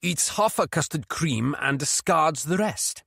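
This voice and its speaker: A man's voice: a little high, lively intonation, a little slow, gravelly, fairly bright tone, husky, dry recording, studio quality, pitched above the performer's own voice, exaggerated voice. A man reading an audiobook, voicing a genial, chatty older male detective sergeant.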